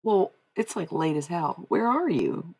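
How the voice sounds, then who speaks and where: A woman's voice: fairly low pitch, lively intonation, measured pace, creaky, a little mellow, breathy edge. A young woman livestreaming, chatting casually and giving psychic readings, rambling and repeating herself with frequent laughs. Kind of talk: casual live-stream chat.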